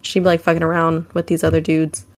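A young adult woman co-hosts a podcast, sharing frank personal stories in casual conversation. Her voice is deep and monotone, and she talks quickly, peppering her candid storytelling with lots of "like" and "um."

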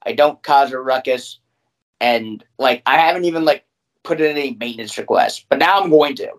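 A man's voice: medium pitch, moderate pace. Profane ranting Midwestern guy. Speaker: podcast co-host. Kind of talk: casual chat.

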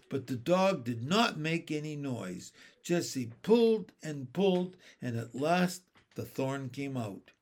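A man reads a children's chapter book aloud in expressive storytelling. He goes very slowly with a lively, melodic rise and fall. His voice has a gravelly, creaky grain, sitting slightly high. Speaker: narrator.

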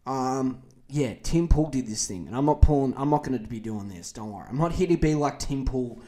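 A man in his twenties with an Australian accent, hosting a podcast in a profane, animated comedic rant. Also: medium pitch, a little fast. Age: 20s. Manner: profane, animated, mock voices for others. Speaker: podcast host.

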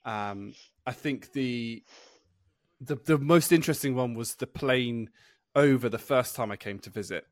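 A young man from the UK chats casually on a podcast, circling his point with fillers and false starts. His voice sits at a middling pitch and is recorded dry and close, with hardly any room sound. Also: measured pace, no echo. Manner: rambling with many fillers and restarts. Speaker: podcast co-host. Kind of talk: casual chat.

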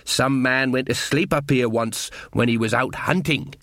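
A man's voice: medium pitch, unhurried, a bit bright, dry recording, clean studio sound, lightly acted. A man voicing an easygoing, talkative village drinker telling old stories. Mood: storytelling. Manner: easygoing, chatty.

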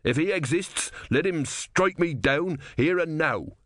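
A man's voice: a little high, expressive, measured pace, a bit bright, dry recording, studio quality, pitched above the performer's own voice. A man voicing a bitter, zealous young soldier who speaks fervently and scornfully in a storybook reading.

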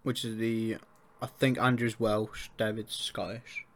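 A man's voice: lowish voice, level tone, a little slow. A young man from England hosting a casual podcast chat, swearing freely and laughing with his friend. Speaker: podcast host.

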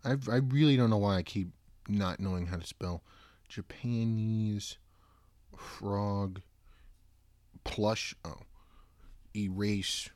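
A young man hosting a casual solo podcast who rambles, swears and breaks into loud, disbelieving outbursts. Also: on the low side, slow, pauses often, dry recording. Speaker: podcast host.

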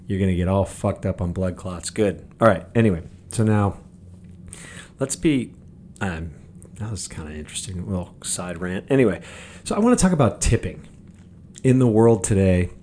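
Man, very deep voice, casual rant, angry, swearing, mocking. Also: lively intonation, moderate pace, dark tone, slight background noise. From worked as a bartender in Los Angeles. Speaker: podcaster ranting about current events. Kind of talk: profane casual monologue.

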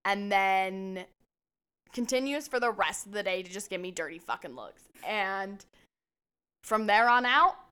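Bright-voiced, lively woman. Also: medium pitch, measured pace, clear, resonant tone. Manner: lively, emphatic, swears casually. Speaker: podcast co-host. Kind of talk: casual storytelling chat.

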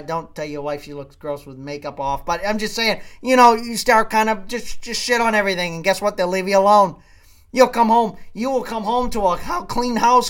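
A man hosting a podcast, ranting comedically with profanity and loud swings in volume. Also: high-pitched. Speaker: podcast host. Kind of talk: comedic rant.

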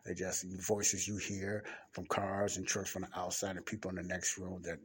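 A man giving an informal podcast Bible teaching in a library study room, rambling and repeating himself while keeping his voice low, close to the mic. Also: level tone, normal speed, husky. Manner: rambling, repeats and restarts words, talks low and quiet. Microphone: speaking close to the mic. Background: faint passing traffic.

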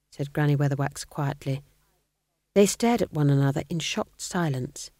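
A woman reading a comic fantasy novel aloud in a wry, expressive storytelling manner. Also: sits low, normal speed, no echo, studio quality. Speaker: audiobook reader. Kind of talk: scripted narration.

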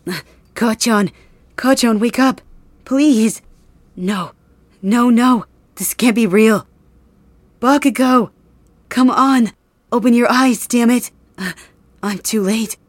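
A woman's voice: medium pitch, slow, long pauses, husky, no room sound. Deku: a woman doing a frantic, pleading young hero. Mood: desperate. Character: earnest, tearful young male hero. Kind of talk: audio drama role-play.

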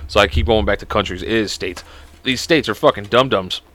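A man's voice: lowish voice, a little fast, fairly bright tone. A young man hosting a casual solo podcast, joking around, rambling and swearing a lot. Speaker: podcast host.

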